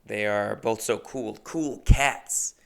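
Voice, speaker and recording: New england guy in his 30s ranting and digressing, cussing a lot, gravelly but clear crisp voice. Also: fairly low pitch, takes it slowly. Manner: digressive, profane, animated storytelling. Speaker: podcast host. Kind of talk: rambling comedic monologue. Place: apartment, pacing around. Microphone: corded microphone.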